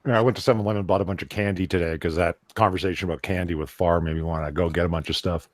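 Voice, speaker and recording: A man co-hosting a casual online chat show, chatty and quick. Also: low-pitched, fairly even intonation, no room sound, studio quality. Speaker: podcast co-host.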